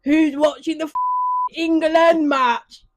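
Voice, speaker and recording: A woman putting on the voice of a loud, bald, middle-aged male football hooligan. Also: high voice, steady tone, takes it slowly, background noise, voice pushed up. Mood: rowdy. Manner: loud, rowdy, laughing through it.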